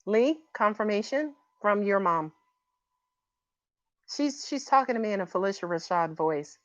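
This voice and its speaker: A woman with a mid-range voice and lively intonation reads tarot on a livestream at a measured pace, with no echo. She becomes emotional and repeatedly asks viewers to confirm things, all heard through dull lo-fi audio.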